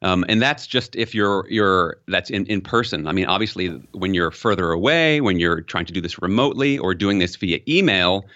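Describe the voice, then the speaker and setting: Male expert guest, lowish voice, slightly muffled audio, explains by example. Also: animated, moderate pace, few pauses, pushed and bright. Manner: explanatory, uses examples, rises in pitch for emphasis. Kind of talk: interview conversation.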